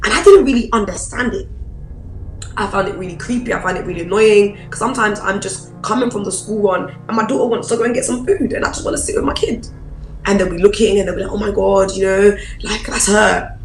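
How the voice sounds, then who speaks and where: A woman pastor, preaching a personal testimony in an animated storytelling way. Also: medium pitch, fast talker, roomy sound, faint music behind, poor audio. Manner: animated storyteller, acts out quoted voices.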